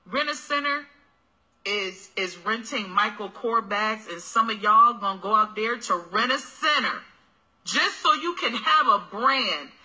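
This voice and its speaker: Woman livestream host, preaches at her viewers, sassy and animated, sharp bright tone. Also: a little high, measured pace, rough recording. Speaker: host of a livestream talk show. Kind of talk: preachy casual livestream talk.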